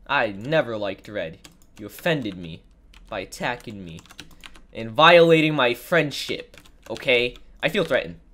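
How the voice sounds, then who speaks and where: A gaming video creator, a woman with an extremely low, slightly bright voice, delivers sarcastic, dramatic commentary on her gameplay. She's sick, so she sounds nasal and congested, exclaiming her way through theatrical mock complaints.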